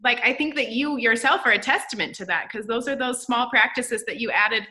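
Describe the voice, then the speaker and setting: A woman leads a conversational interview, explaining coaching ideas with emphasis and encouragement. Her voice sits a little high and sounds bright and forward. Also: brisk. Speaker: podcast host and coach.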